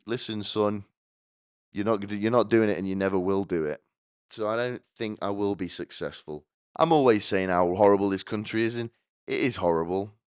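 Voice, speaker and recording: A man's voice: sits low, smooth, dry recording, studio quality. A man hosting a podcast, delivering a rambling, sardonic comedic monologue full of restarts. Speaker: podcast host.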